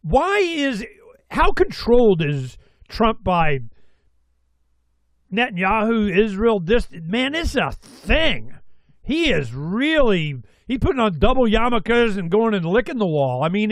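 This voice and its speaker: A man's voice: high voice, big pitch swings, slow pace, no echo, rough recording. A man hosting a talk show, chatting loosely and rambling through his questions. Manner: rambling, loose, with many restarts. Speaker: host. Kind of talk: casual chat.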